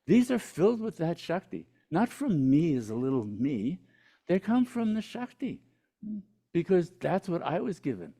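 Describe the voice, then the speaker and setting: A man's voice: a little high, big pitch swings, normal speed, dark tone. A man giving a spiritual teaching talk, telling a story and checking in with his listeners by asking "hmm?".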